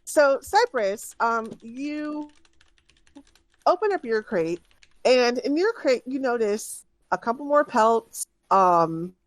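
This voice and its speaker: A woman narrating as game master of a tabletop game, halting often with fillers. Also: fairly high pitch, sing-song, dry recording.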